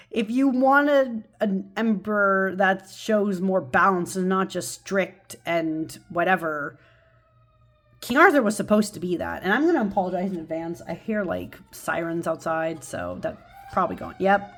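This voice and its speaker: A woman in a casual home video, talking through her tarot cards with rambling enthusiasm. Her pitch sits in an ordinary middle range, and her sentences keep restarting and filling with little verbal pauses. She sounds relaxed and informal, like she is chatting with viewers. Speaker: tarot channel host.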